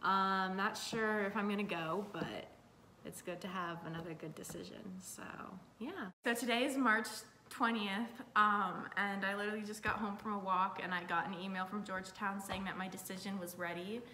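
A woman's voice: fairly even intonation, normal speed, bright, forceful tone. A young woman chatting casually in a vlog, nervous and full of fillers as she opens decisions at home. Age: young adult. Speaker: vlogger. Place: home room. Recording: echoey room with faint rumble.

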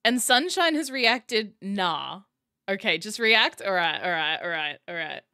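A woman's voice: mid-range voice, expressive, normal speed, pushed and bright, smooth, dry recording, clean studio sound. A woman streamer hosting her live stream in casual chat, talking straight to her viewers and laughing often. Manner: giggly, chatty, addresses chat directly. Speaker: streamer host.

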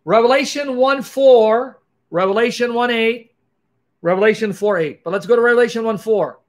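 An emphatic man with a very high-pitched voice teaches scripture to his viewers. He fires off rhetorical questions and punches his points home with sharp exclamations. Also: normal speed. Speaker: Christian apologist. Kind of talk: animated teaching monologue.

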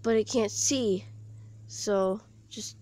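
A woman voicing a cool-headed girl who tells her friend to stay quiet, reading in a storybook. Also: mid-range voice, takes it slowly, natural voice. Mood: calm, bossy. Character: calm bossy girl, unafraid.

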